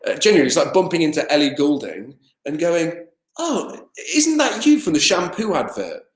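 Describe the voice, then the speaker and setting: An assistant minister preaches a sermon in a conversational style, full of fillers and lively asides. His voice is on the high side, recorded in an echoey room.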